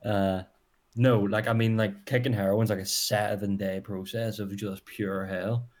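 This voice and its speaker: A young Northern Irish man co-hosting a casual podcast. He talks in a low voice and rambles, swearing freely and launching into mock rants. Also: flat delivery, a little slow, a little mellow. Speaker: podcast co-host. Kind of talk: casual chat.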